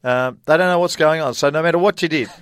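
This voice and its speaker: A man's voice: on the high side, fast, smooth, no echo, studio quality. A middle-aged Australian man, a former college golfer, telling stories in a casual interview, chatty and laughing often. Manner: chatty, laughs often, animated retelling with voiced quotes.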